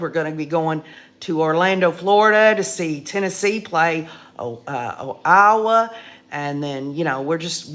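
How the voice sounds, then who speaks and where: An older woman with a raspy voice and a drawl hosts a laid-back live stream, reading out viewer comments. She talks at an unhurried, easygoing pace in a folksy, chatty manner. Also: mid-range voice, a bit bright. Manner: slow, folksy and chatty, laughing often.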